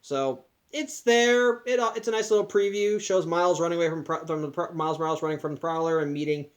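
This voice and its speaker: Man, casual film recap, chatty, restarts often, slightly high voice. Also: fast talker. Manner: chatty, many restarts and asides. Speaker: podcast host.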